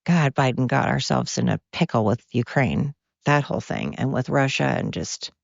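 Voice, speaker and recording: A tired American podcast host rambles through a casual monologue, cursing freely and drifting from tangent to tangent. The voice has a gravelly texture. The recording is dry and dull, with a muffled lo-fi sound. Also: mid-range voice, expressive, normal speed, no room sound. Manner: rambling, profane, goes off on tangents. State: tired from overwork.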